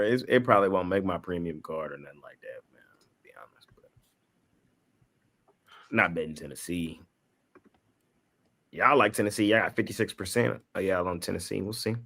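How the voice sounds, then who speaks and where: Male host, low-ish voice, relaxed slangy banter on sports picks. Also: normal speed, pauses often. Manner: laid-back slangy banter, laughs often. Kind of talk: casual sports betting chat.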